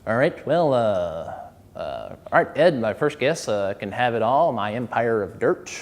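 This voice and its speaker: A man doing an impression of an older male late-night TV host, halting and mumbling through his lines with lots of fillers. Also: medium pitch, very animated, voice pushed down. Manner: rambling, hesitant delivery with fillers.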